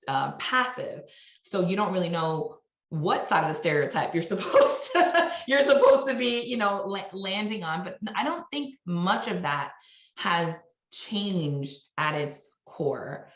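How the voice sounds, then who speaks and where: A woman's voice: sits low, fairly bright tone, reverberant, highs cut off. A woman from New York, a marketing executive, speaking as a guest in a podcast interview in a candid, conversational way with frequent restarts.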